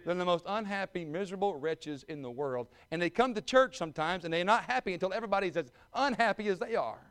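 A man, preaching a sermon with folksy humor that builds to loud, fervent exhortation. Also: sits high, expressive, fast, clear, resonant tone. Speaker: pastor.

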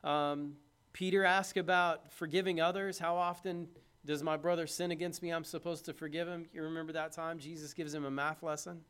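Preaching conversationally, this man questions the congregation and swings between loud emphasis and hushed tones. His voice is a little high, level in tone, brisk and smooth.

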